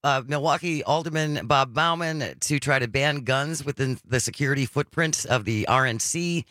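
A man hosting a talk radio show, chatting casually with his co-host and smoothly wrapping up segments. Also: medium pitch, normal speed, sharp tone, dry recording, studio quality. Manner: easygoing, wraps up segments smoothly.

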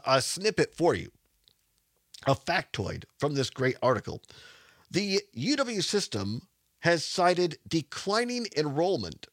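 A man's voice: on the high side, no echo, clean studio sound. A man hosting a radio talk show, chatty and rambling, laughing often. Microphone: studio microphone.

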